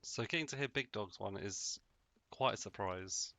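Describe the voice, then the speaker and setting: Let's-play host, man, low voice with a bright edge, rambling and deadpan. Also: moderate pace, gravelly, dry recording. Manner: rambling, jokey, deadpan asides. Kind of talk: casual gameplay commentary.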